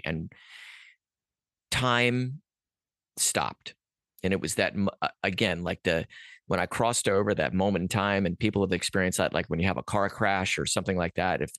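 Man, podcast guest, deep voice, earnest rambling storytelling, dry close sound. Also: a little fast, dry recording. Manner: rambling, many restarts and fillers; earnest, animated at peaks. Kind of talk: storytelling a personal experience.

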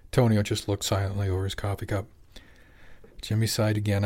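A man narrating a novel in a steady, measured reading. His voice sits on the lower side. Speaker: audiobook narrator. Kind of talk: scripted narration.

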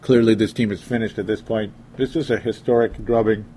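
A man's voice: on the low side, steady tone, a little fast, dark tone, a little hiss or hum. A young man giving casual, sarcastic sports commentary from home. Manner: exasperated, sarcastic.

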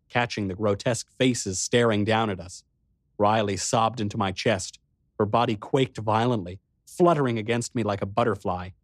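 A man narrating an audiobook in the first person, steady and measured. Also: lowish voice, no echo, clean studio sound.

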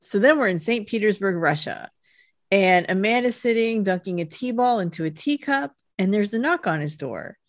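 An American woman co-hosting a podcast, chatting casually about a TV episode, friendly and quick to laugh. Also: mid-range voice, expressive, no room sound. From United States. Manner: laughs easily, friendly and agreeable. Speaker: podcast co-host. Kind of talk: casual chat recapping a TV episode.

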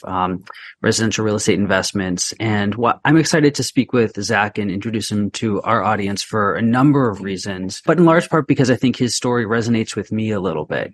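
Man, co-host, lowish voice, measured, dry recording. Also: fairly bright tone, dry recording. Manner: measured, with many fillers. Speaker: podcast co-host. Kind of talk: interview conversation.

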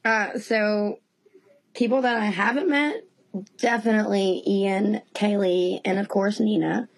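A woman guest in a casual chat, giggling often and gushing like an excited fan. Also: mid-range voice, a little slow.

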